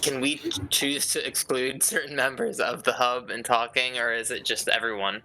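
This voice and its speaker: Bright-voiced man playing a tabletop game. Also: mid-range voice, fairly even intonation, moderate pace, soft background music, rough recording. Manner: easygoing, asks rules questions. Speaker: player. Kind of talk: casual game talk.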